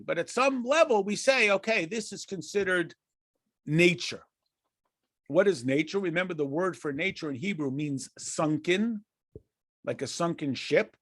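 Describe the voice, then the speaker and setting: A man's voice: high voice, a bit bright, no room sound, clean studio sound. An American man teaching a conversational Torah lesson, asking and answering questions with frequent restarts and chuckles. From United States. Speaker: rabbi teaching a class.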